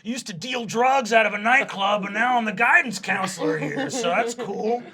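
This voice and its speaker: A man voicing a loud, excitable male werewolf surfer bro who swears and shouts. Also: high-pitched, moderate pace, pitched above the performer's own voice. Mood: brash.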